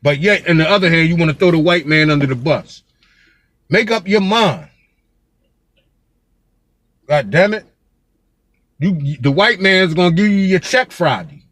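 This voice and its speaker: Local man from Pennsylvania, heated and profane, raised voice, rapid-fire repetition. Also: on the high side, lively intonation, a bit bright, dry recording. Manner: fiery, profane, repeats "God damn it". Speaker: local commentator. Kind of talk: street vlog rant.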